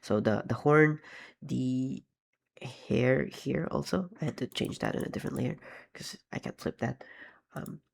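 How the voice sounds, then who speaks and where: Gravelly-voiced man rambling about his animation. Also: medium pitch, a little slow. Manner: rambling, self-deprecating, frequent ums and restarts. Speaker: animator vlogger. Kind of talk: casual behind-the-scenes commentary.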